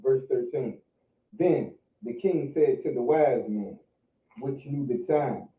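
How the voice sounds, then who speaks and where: A man in a Bible class reading scripture aloud in a steady, plain manner. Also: mid-range voice, slow. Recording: echoey room, distant phone-like mic.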